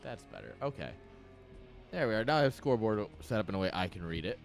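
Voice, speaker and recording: A man's voice: on the low side, very animated, fast, gravelly, faint music behind. A man giving casual live commentary on a strategy game match, dry and sarcastic, rambling with lots of fillers. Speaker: esports caster.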